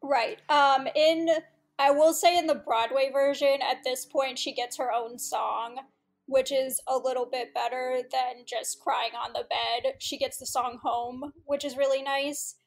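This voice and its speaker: A woman's voice: sits high, fairly even intonation, measured pace. A woman co-hosting a podcast in casual chat, matter-of-fact with hesitant fillers. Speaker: podcast co-host.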